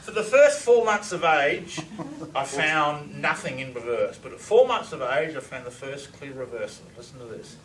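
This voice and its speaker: A man's voice: fairly high pitch, animated, normal speed, crowd noise. A middle-aged man giving a lecture, enthusiastically playing recordings and quizzing his audience. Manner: enthusiastic, asks audience questions. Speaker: lecturer on reverse speech. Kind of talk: recorded lecture with audio examples. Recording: echoey room, far from mic, faint hiss.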